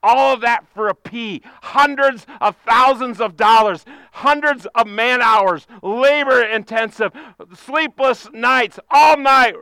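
High bright-voiced guy preaching, repeats lines, shouts the big bits. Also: slow pace, smooth, no room sound, low-quality recording. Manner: impassioned preaching, repetitive cadences, bursts of shouting. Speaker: pastor. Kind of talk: sermon.

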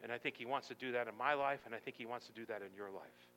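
A man preaching a sermon, swinging dramatically between loud shouting and near-whispers. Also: medium pitch, rapid-fire, a little hiss or hum.

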